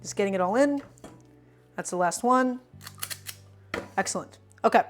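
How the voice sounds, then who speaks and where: A woman's voice: mid-range voice, moderate pace. A young woman talks her way through a home-kitchen cooking stream in a loose, chatty voice. She jokes with viewers and answers their questions as she works. Faint music plays behind her. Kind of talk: casual live-stream cooking chat.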